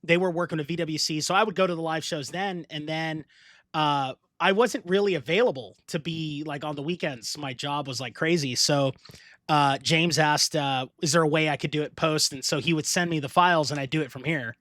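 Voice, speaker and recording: A middle-aged man hosting a casual podcast chat, animated, laughing often and swearing freely. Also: fairly high pitch, fairly quick, dry recording, clean studio sound. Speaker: podcast host.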